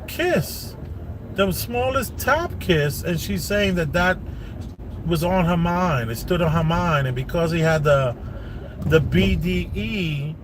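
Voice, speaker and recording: A man commenting on a vlog in a casual, animated way, voice climbing when he gets incredulous. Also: on the high side, a little hiss or hum. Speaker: vlogger.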